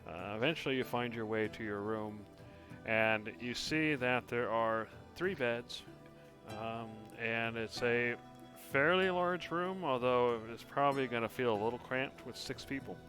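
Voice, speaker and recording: A man's voice: medium pitch, measured pace, a bit bright, faint music behind. A man acting as game master, describing the scene in a rambling, hesitant way with many fillers and restarts.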